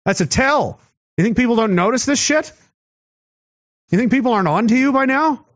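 A man hosting his own show, delivering a sarcastic, combative monologue to camera, swinging from low muttering to raised challenges. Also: expressive, normal speed, no echo, dull audio. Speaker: commentary show host.

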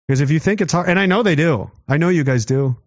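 A man hosting his own show, delivering a sarcastic, combative monologue to camera, swinging from low muttering to raised challenges. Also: fast, no room sound, highs cut off. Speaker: commentary show host.

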